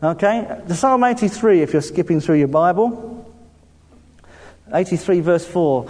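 A man with a southern English accent delivers a sermon. His voice sits high and swings widely as he laughs and calls out to the congregation. A long church-hall reverb trails behind every phrase. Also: measured pace. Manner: lively, laughing often, calling out to the congregation. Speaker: pastor.

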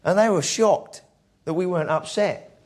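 Chatty male preacher, raised pitch. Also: moderate pace. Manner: conversational storytelling, acts out quoted voices. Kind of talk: sermon.

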